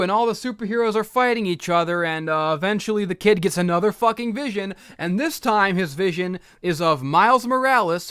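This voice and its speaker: A young man tears through a comic book recap in a profane, sarcastic rant, his voice bright and fairly high. The sound is crisp and dry, with almost no room echo. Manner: profane, sarcastic, erupts into shouting rants.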